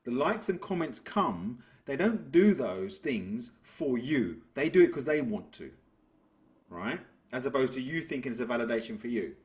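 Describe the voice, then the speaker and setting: A man, a business coach talking through ideas and telling stories in a relaxed interview. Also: medium pitch, normal speed. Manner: reflective, tells stories to make a point. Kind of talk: conversational interview.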